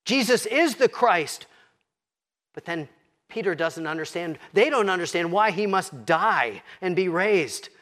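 Casting note: pastor, man, higher-pitched voice, expressive sermon delivery. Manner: expressive, slows and drops to a hush for quoted scripture.

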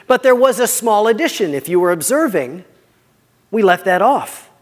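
A man with a fairly high voice preaches a sermon in a church. He talks earnestly and conversationally, often dropping soft to stress a point. His words ring out with a long hall reverb. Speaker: pastor.

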